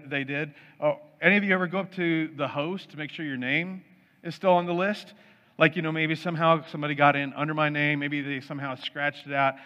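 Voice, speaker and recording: A man's voice: fairly high pitch, bright, forceful tone. A middle-aged man preaching a sermon, chatty and storytelling, asking the audience questions. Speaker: pastor. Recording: muffled sound with long hall reverb.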